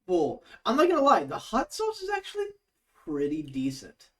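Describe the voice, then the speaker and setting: A man's voice: sits high, huge pitch swings, normal speed. A young man chatting and joking on a casual stream while tasting beers, full and hiccuping. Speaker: streamer co-host.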